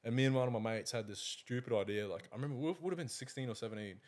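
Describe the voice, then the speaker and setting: A man's voice: medium pitch, rapid-fire. A young Australian man co-hosting a podcast, telling stories in casual, sweary chat. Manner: swearing, laughing storyteller. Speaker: podcast co-host.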